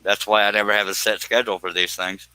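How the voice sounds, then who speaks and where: A man's voice: lowish voice, little pitch movement, quick pace, sharp tone, clean tone, no echo, low-quality recording. A man hosting a casual live stream while he cuts wood on a scroll saw, rambling and laughing at himself. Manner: rambling, self-deprecating, chuckling.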